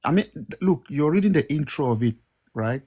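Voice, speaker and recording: A man's voice: on the high side, animated, fairly quick, warm tone. A man in a casual debate on a podcast, explaining and defending his view in an earnest way. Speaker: podcast co-host.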